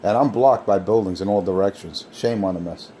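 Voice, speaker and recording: Low, warm-toned male radio operator, dry and scornful, faint noise behind him. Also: fairly quick. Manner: scornful, technical put-downs. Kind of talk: on-air radio banter.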